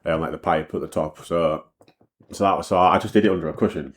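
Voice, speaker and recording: A man's voice: low-pitched, steady tone. A man telling a personal story in a rambling, sweary way, full of restarts and repeats. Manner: talks fast and knows it. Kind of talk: casual storytime monologue.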